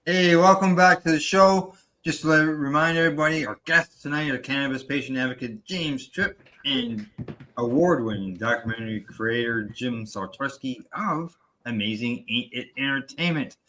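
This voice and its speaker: A man's voice: medium pitch, moderate pace, bright, forceful tone. A man hosting a talk radio show, introducing guests loosely with frequent fillers.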